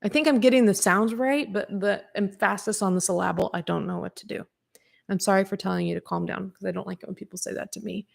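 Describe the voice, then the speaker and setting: A woman hosts a podcast livestream and talks straight to her chat. She rambles casually, full of fillers and restarts, and speaks frankly, even swearing at times. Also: mid-range voice, quick pace, vocal fry. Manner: talks to live chat readers. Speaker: podcast host.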